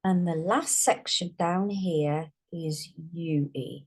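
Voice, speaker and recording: A woman giving a phonics lesson, slowly sounding out and stretching each word for young readers. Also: on the low side, darkish tone, breathy edge. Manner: slow, drawn-out sounding out of words. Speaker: teacher.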